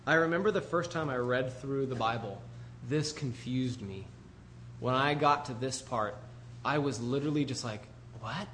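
A man preaching a conversational sermon in an animated, chatty way, full of asides to the congregation. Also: medium pitch, normal speed, slight background noise.

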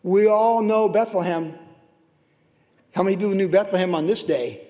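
A man preaching a sermon as pastor, swinging between loud, animated highs and hushed, tender lows. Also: moderate pace. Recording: long reverb of a large hall.

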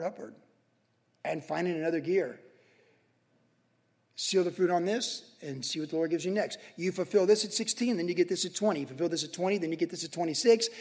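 A man pastor preaching a sermon in a church, energetic and casual, with slang. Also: fairly high pitch, big-room sound. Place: church sanctuary with congregation.

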